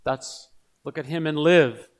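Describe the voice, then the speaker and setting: A man's voice: fairly high pitch, a little slow. A man preaching a sermon in an earnest manner, building to emphatic repeated appeals.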